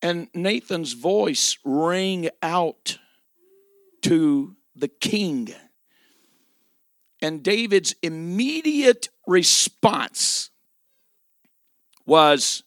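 A male preacher delivers a sermon at a slow, deliberate pace, leaning on dramatic pauses and repeating key phrases for weight. His voice sits a little high for a man, and the recording is dry and close. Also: very animated, fairly bright tone, no echo.

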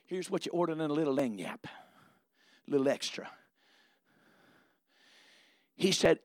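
High-voiced fervent preacher. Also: male voice, lively intonation, a little slow, long pauses, no room sound, clean studio sound. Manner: builds from quiet asides to loud fervent preaching. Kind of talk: sermon.

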